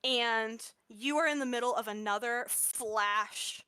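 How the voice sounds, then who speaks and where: A woman narrates as game master in a tabletop game. She is slow and unhurried, and her tone is bright with a slightly high pitch. She fills her descriptions with small pauses and ums. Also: clean tone, dry recording, clean studio sound.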